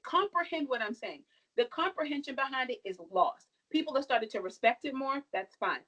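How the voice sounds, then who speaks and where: A young woman with a fairly high voice talks with force and conviction, pressing each point home. Her delivery is emphatic and a little sassy, like a guest on a podcast making her case. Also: expressive, normal speed, poor audio. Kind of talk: impassioned podcast discussion.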